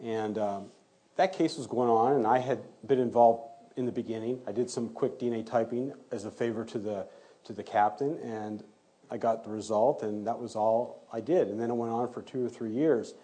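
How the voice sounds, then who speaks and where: Guy with a low mellow husky voice telling a story in an interview, acts out the quotes. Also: normal speed. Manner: animated retelling, acting out quoted exchanges. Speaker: forensic DNA criminalist.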